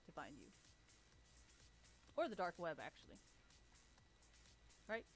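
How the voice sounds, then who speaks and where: A woman's voice: on the low side, very animated, takes it slowly, soft background music. A woman on a livestream ranting with a profane, taunting, sarcastic manner. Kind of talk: livestream rant.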